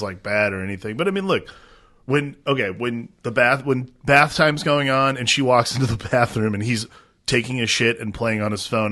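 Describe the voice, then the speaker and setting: A man co-hosting a podcast, rambling casually with lots of fillers. He talks candidly about his own parenting. His voice is bright at a middling pitch for a man. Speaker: podcast co-host. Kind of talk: casual film review chat.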